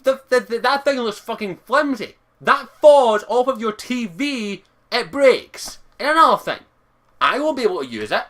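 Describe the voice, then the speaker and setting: A Scottish man sits on his bed and rants at the camera, cursing at nearly every turn. His voice sits high for a man and rings bright and sharp, with angry outbursts breaking through again and again. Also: expressive, moderate pace. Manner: swears constantly, exasperated, loud outbursts. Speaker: vlogger. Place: his bedroom, sitting on his bed. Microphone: camera across the room.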